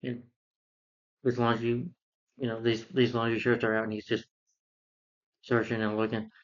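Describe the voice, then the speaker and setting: A man's voice: mid-range voice, completely flat delivery, moderate pace. Rambling man recapping a film. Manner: rambling, many fillers and self-corrections. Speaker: film reviewer. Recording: dull lo-fi sound.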